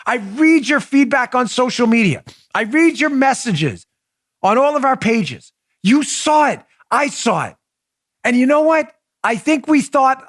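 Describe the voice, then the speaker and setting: A man's voice: very high voice, big pitch swings, unhurried, a bit bright, no echo, clean studio sound. A middle-aged man hosting a podcast, delivering a fired-up political commentary monologue with emphatic, repeated words. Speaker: podcast host.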